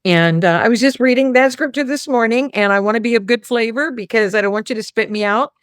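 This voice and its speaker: Smooth-voiced woman telling a rambling story. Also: a little high, quick pace, no echo, studio quality. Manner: rambling storytelling, quoting God and others. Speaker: host. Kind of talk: casual spiritual talk to a small group.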